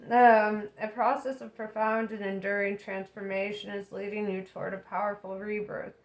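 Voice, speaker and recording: A young woman giving a casual tarot reading, chatty and relaxed, with plenty of fillers and frequent laughter. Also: mid-range voice. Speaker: tarot reader.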